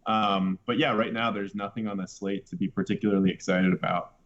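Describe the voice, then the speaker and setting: Low-voiced man on a dull line. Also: steady tone, fairly quick, fairly bright tone. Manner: joking, wry. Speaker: podcast co-host. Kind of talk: casual podcast chat.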